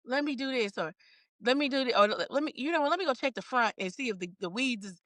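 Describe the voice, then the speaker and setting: A woman guest in a casual chat, candid and relaxed, laughing often and restarting her sentences. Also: on the high side, fast, no echo.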